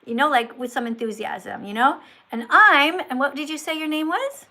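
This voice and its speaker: A woman's voice: sits high, normal speed, sharp tone. A woman hosting a live stream in a schoolteacher tone, correcting and praising viewers with emphatic delivery. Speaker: livestream host.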